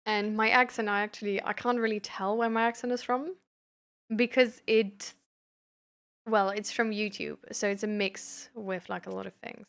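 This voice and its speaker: A woman's voice: mid-range voice, flat delivery, normal speed, fairly bright tone. A young woman from Germany with a light German accent, chatting casually with her live-stream audience and laughing often. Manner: giggly, chatty, reacts to chat.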